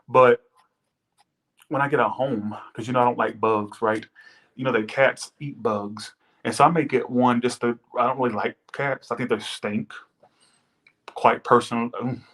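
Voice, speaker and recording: A man's voice: medium pitch, a bit bright. A man giving a casual live tarot reading, rambling and chatty, swearing now and then as he thanks viewers and tells stories. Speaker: tarot reader. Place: Las Vegas.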